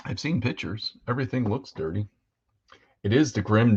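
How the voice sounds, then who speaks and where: Deep-voiced, easygoing male hobby-stream host. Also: normal speed, darkish tone, husky, dull audio. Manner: rambling and easygoing, with fillers. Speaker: host of a live hobby painting show. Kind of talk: casual livestream chat while painting models.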